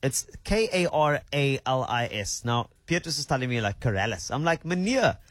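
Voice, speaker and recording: A South African man hosting a radio show, chatting in a playful, animated way. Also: mid-range voice, normal speed, no room sound. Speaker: radio host. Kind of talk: casual radio chat.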